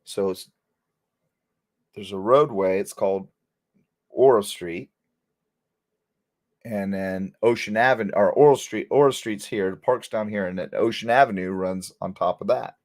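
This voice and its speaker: A man's voice: fairly low pitch, a little slow, long pauses. A middle-aged man, a former police officer, telling a story casually and talking straight to his viewers. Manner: animated anecdote-telling, addresses viewers directly.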